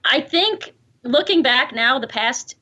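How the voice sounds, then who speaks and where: A woman in her thirties with a New York accent, a guest in an interview, chatting quickly and laughing as she talks. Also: high voice, expressive, bright, forceful tone. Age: 30s. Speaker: guest, online video creator. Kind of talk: interview conversation. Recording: dull lo-fi replayed clip.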